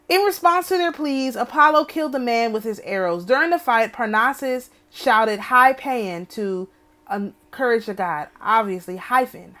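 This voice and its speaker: A woman's voice: a little high, a bit bright. A woman hosting an astrology channel. She reads a text aloud and keeps breaking off for wry, opinionated asides, often asking "okay?". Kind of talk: reading a text aloud with commentary.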